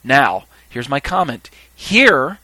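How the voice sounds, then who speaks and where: A man's voice: mid-range voice, sing-song, slow, pushed and bright, no echo, rough recording. A man giving a podcast Bible teaching who reads scripture and his commentary aloud. He searches his notes with fillers and grows emphatic as he explains.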